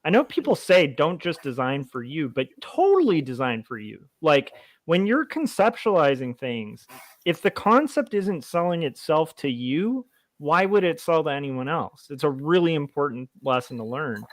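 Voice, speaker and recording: A man's voice: on the high side, sing-song, moderate pace, no echo. A middle-aged man co-hosting a podcast, thoughtfully sharing lessons from designing t-shirts. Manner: reflective, sharing advice. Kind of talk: casual chat.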